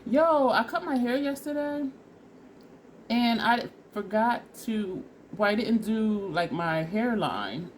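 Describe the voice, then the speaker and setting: A woman's voice: fairly high pitch, animated, slow pace, slight background noise. A woman vlogger casually talking through a makeup try-on step by step, chatty and laughing at herself, teary and sniffly from allergies. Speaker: beauty vlogger.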